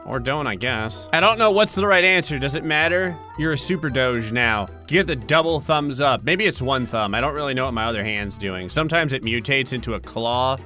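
A man giving comedic gameplay commentary, making wry jokes with sudden high-pitched outbursts. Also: animated, brisk, few pauses, bright, forceful tone, faint music behind. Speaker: gaming channel host.

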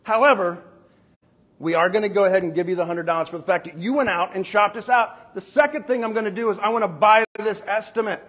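A man with a high, husky voice tells sales stories to a room. He acts out quick exchanges with customers and staff, switching voices as he goes. The delivery is loose and animated, full of asides. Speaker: roofing company owner sharing sales tactics. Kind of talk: storytelling sales talk.

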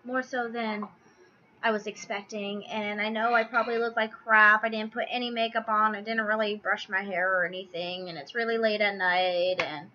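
A woman's voice: medium pitch, steady tone, normal speed, lo-fi sound, slight background noise. A young woman venting in a casual vlog, stressed out, flustered and apologetic, full of ums and restarts. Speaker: vlogger tracking fertility. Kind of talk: casual rambling vlog rant.

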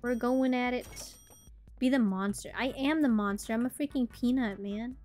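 A woman's voice: fairly high pitch, normal speed, darkish tone, soft background music. A woman streamer reacting to a horror game live, jumpy, squealing and laughing her way through the scares.

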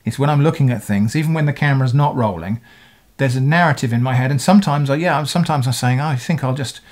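A middle-aged man chats casually to his camera, answering viewers' comments. He talks in a thoughtful, meandering way, often backing up to fix what he just said. His voice sits at an ordinary middle pitch. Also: fast, darkish tone. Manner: thoughtful, rambling, with frequent self-corrections. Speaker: video creator answering comments.

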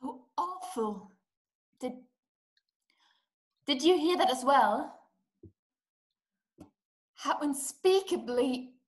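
A woman's voice: high voice, expressive, very slow, pauses often, full character voice, rough recording. An actress playing a frantic, imperious wealthy woman who talks in an urgent, scolding way in an amateur video-call play. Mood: shaken.

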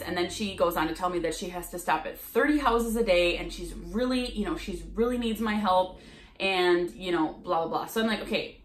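Woman, casual storytelling vlog, lively voice, acts out quotes, echoey room. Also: on the low side. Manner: animated, acts out quoted lines. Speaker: sales coach. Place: home office.

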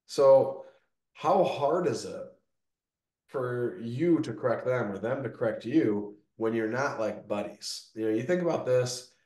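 A gutter business owner, appearing as a guest in a casual interview, tells stories energetically in a medium-pitched voice at a measured pace. He peppers his talk with "like" and "right?", and the sound is reverberant.

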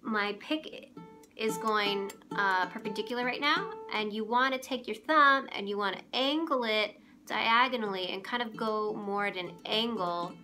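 A young woman giving a relaxed, chatty ukulele lesson, often pausing to search for words. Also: medium pitch, faint music behind. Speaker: ukulele teacher. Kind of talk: casual instrument tutorial. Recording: clear ukulele playing behind the voice.

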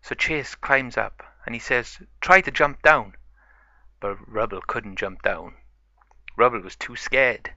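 A man's voice: lowish voice, a little slow, bright, forceful tone, no echo, dull audio. A man improvising a toy play story, narrating it in a chatty, plain way.

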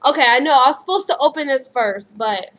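A young woman chatting casually in a vlog, gushing and squealing with excitement over gifts. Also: high-pitched, brisk. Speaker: vlogger.

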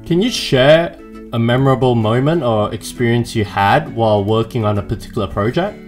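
A man interviewing a guest, reading prepared questions in a brisk, straightforward way. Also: medium pitch, faint music behind.

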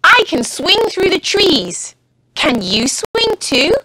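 Monkey voice, squeaky and show-off , done by a woman reading, storybook, bouncy and lively. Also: slow, background noise, full character voice. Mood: boastful. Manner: boastful, high and bright. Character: show-off young monkey swinging in trees.

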